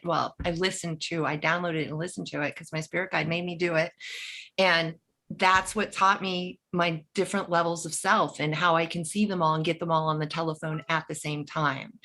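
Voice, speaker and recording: A woman's voice: lowish voice, fairly bright tone, rough recording. A woman chatting casually, talking in an enthusiastic, rambling way. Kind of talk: casual chat.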